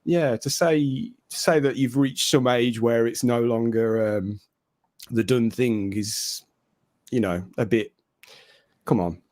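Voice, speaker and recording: A man's voice: mid-range voice, takes it slowly, a little mellow, no echo, studio quality. Rambling man, mid voice. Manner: rambling, hedging with you know. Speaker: podcast co-host. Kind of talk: casual podcast chat.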